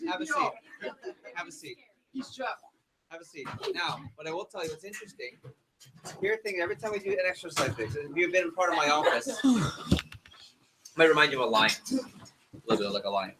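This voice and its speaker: A man's voice: fairly high pitch, fairly quick, long pauses, crowd noise, poor audio. A man leading a group training session, calling out instructions and repeating them to a room full of people. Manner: energetic, directive, repeats instructions. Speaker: workshop leader.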